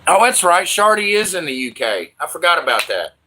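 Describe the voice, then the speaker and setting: A man's voice: a little high, big pitch swings, a little fast, bright, forceful tone, a little hiss or hum. A man hosting a casual livestream, chatting with viewers in loose, slangy, profane banter. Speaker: livestream host.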